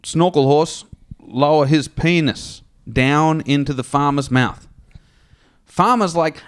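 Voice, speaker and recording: Tipsy rambling man, slightly high. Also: unhurried, smooth. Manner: rambling, laughing, acts out voices in stories. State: drunk. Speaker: comedy podcast co-host. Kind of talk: casual crude banter and joke telling.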